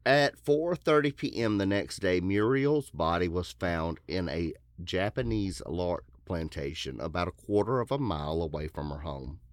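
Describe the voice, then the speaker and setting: Deep-voiced man telling a crime story. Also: lively intonation, moderate pace, hardly any pauses, dry recording. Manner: joking asides, puts on silly voices for quotes. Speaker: podcast host telling a case. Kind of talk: casual true-crime storytelling.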